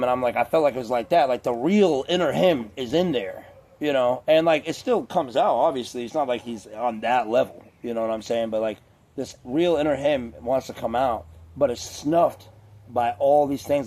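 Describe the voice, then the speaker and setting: Man, casual rambling monologue, mellow voice, lots of swearing and filler words. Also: medium pitch. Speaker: vlogger.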